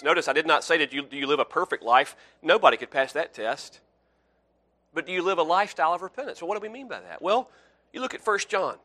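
A man preaching a sermon to his congregation, earnest, swinging from loud emphatic passages to hushed, pleading ones. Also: sits high. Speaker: pastor.

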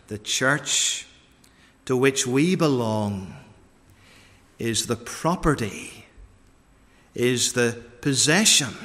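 A man preaching a sermon, deliberate and repeating key phrases for emphasis, recorded in a church. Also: on the high side, sharp tone. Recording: long reverb of a large church.

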